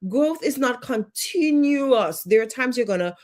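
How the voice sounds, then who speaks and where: A woman's voice: a little high, animated, unhurried, a little mellow. Woman coach, Jamaican accent, live online lesson; emphatic, builds points through repetition. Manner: emphatic, repeats phrases for effect. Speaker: life coach.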